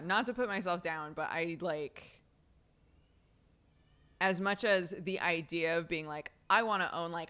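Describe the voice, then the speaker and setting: Low-voiced woman chatting on a stream. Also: fairly bright tone, clean tone. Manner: rambling, many "like" fillers, swears, laughs often. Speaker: streamer answering chat. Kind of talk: casual live-stream chat.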